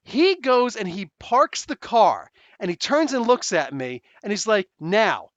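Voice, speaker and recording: Animated middle-aged man telling a story. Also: high voice, unhurried, no echo, dull audio. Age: 40s. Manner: animated, swearing, acts out quotes. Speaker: podcast host. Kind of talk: casual storytelling. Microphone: close desk microphone.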